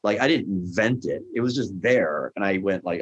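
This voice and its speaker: A middle-aged man in a casual chat, telling a story with lively energy and acting out the lines of the people he quotes. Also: sits low, normal speed, highs cut off. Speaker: guest, restaurant founder.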